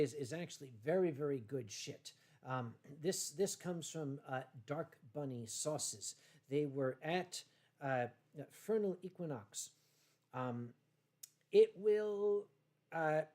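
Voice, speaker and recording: A man's voice: on the high side, a little mellow. Tipsy, rambling male livestream host. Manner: rambling, halting, with many fillers and restarts. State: tipsy from wine. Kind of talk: casual livestream chat, reading viewer comments.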